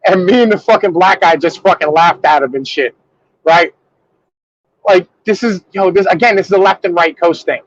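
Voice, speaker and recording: A man's voice: high voice, normal speed, no echo. A man co-hosting a podcast in rambling, profanity-heavy casual banter over a remote call. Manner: rambling, heavy swearing and fillers. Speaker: podcast co-host. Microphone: remote call connection that drops out. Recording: muffled dry remote call audio.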